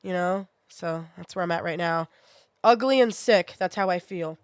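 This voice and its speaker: A woman's voice: lowish voice, clean tone, no room sound. Sick young woman streamer venting bluntly. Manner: blunt, swears often, quick to vent. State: sick, with a sore throat. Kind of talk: casual stream chat.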